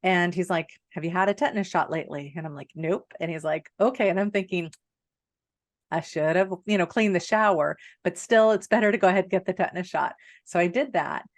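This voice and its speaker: A middle-aged woman tells a story on a podcast in an easy, chatty way, laughing as she goes. Her voice sits a little low for a woman. The sound is dry and close, with no room around it. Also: brisk, no echo. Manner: animated, laughs often while telling a story. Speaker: podcast co-host. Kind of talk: casual storytelling chat.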